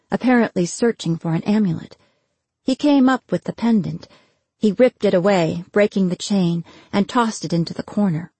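A woman narrating a fantasy audiobook in a measured, steady way. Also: fairly low pitch, no echo.

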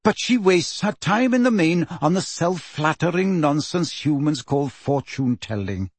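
Calm aloof centaur teacher, read by a man. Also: on the high side, slightly rough, no room sound. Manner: calm, slow and measured. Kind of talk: audiobook character voice.

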